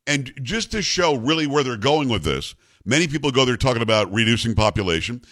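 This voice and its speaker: A very animated man with a mid-range, fairly bright voice hosts talk radio, recorded without echo. He grew up in South Florida and gives emphatic, opinionated commentary in a fast, ranting style.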